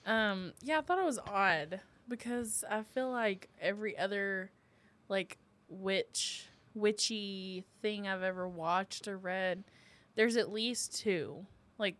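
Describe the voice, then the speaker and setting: A woman's voice: medium pitch, takes it slowly, a bit bright. A woman co-hosting a casual book chat in a laid-back way, often trailing off. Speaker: podcast co-host.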